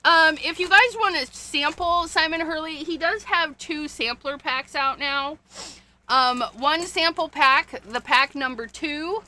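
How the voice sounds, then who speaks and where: A woman with a high-pitched, bright, forceful voice speaks at a measured pace while hosting a casual card-making livestream. She chats to viewers as she rummages through paper and supplies, often gasping and giving little laughs.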